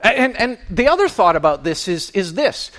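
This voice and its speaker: A man preaching a sermon in an animated, playful way, acting out little scenes and quotes. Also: sits high, normal speed.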